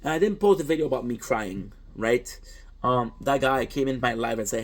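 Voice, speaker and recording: A man of middling pitch, a native French speaker, talks straight to his audience as a streamer in a casual, reflective monologue. He is earnest and rambling, circles back with restarts and drops casual swear words. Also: moderate pace. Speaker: content creator and streamer.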